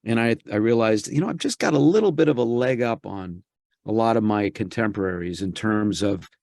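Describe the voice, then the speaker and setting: A man's voice: lowish voice, a little fast, gravelly, darkish tone, no room sound, studio quality. A man being interviewed as a voice actor, talking in a reflective way and thinking aloud with frequent restarts. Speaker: guest, voice actor. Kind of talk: casual interview chat.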